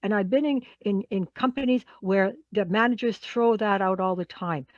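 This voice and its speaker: A woman's voice: mid-range voice, normal speed, no echo, muffled recording. A woman who works in human resources leads an online workshop in a conversational way. She poses questions to her audience and repeats key words.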